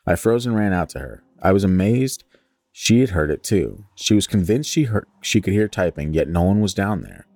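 Young male podcast host, low voice, very animated pitch, joking asides, dry close mic. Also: moderate pace, no echo. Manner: joking, swears casually, breaks off to tease. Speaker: podcast co-host reading listener stories. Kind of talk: casual chat and story reading.

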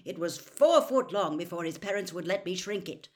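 A woman's voice: on the low side, lively intonation, moderate pace, darkish tone, lightly acted. A woman voicing an eager, gleeful teenage boy in a storybook reading.

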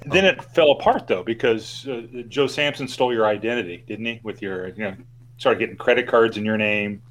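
A man's voice: fairly low pitch, fairly quick, a bit bright. A man co-hosting a radio show, prompting the guest with questions. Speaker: radio host. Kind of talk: casual radio chat.

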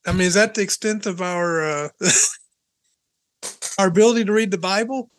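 A man's voice: sits high, a little slow, a bit bright, no room sound. A man co-hosting a casual Christian podcast, joking and teasing as he talks, chuckling often. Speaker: podcast co-host.

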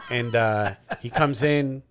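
A man's voice: medium pitch, a little hiss or hum. A man on a podcast telling a story in casual chat, swearing often and laughing as he acts out what others said. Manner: profane, laughing storyteller acting out quotes. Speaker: podcast co-host.

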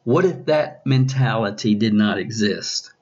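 This business coach speaks a little slowly in a lowish, darkish voice with a breathy edge, captured in lo-fi sound. Hosting his podcast, he probes listeners with repeated questions and frequently starts his sentences over.

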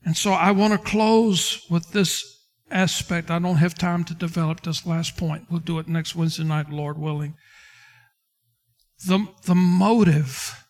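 Man pastor, high-pitched, preaching a sermon and acting out scripture scenes. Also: a little mellow. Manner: preaching with King James quotes and dramatic retellings.

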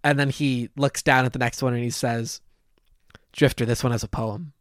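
A man taking part in a tabletop role-playing game, talking in an amused, deliberate way. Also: medium pitch, fairly even intonation, a bit bright, dry recording, studio quality. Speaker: player.

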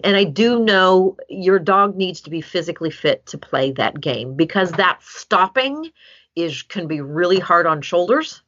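Woman dog trainer, casual podcast chat, lively swooping voice, husky, lo-fi. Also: lowish voice. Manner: animated storytelling with many fillers. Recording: dull lo-fi sound.

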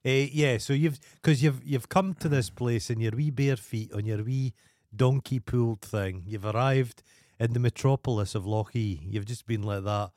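Scottish guy on a podcast, swears a lot, mid pitch, dry close sound. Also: normal speed, no room sound. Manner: sweary, animated banter. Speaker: podcast host. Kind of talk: casual chat.

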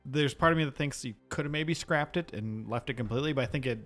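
A man co-hosting a casual video game review podcast in a relaxed way, with short replies and chuckles. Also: mid-range voice, quick pace, soft background music. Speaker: podcast co-host.

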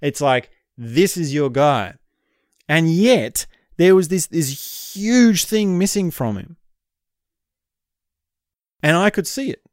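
A man's voice: a little high, animated, slow, pauses often, dry recording, studio quality. A man talking straight to his own camera in a casual vlog monologue, reflective and rambling, with frequent "right?" asides. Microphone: camera mic.

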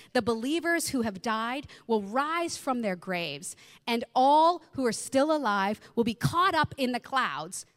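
A woman preaching a sermon, reading scripture and telling a personal story in an expressive way that acts out the voices she quotes. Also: a little high, in a large hall.

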